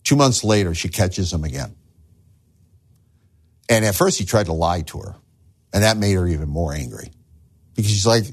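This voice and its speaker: A man's voice: deep voice, lively intonation, normal speed, long pauses, husky. A man preaching a sermon as a pastor, earnest, asking the listeners rhetorical questions and repeating words as he starts phrases.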